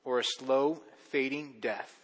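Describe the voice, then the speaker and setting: A man's voice: mid-range voice, slow pace, big-room sound. A male pastor giving a conversational sermon, often repeating and restarting his words.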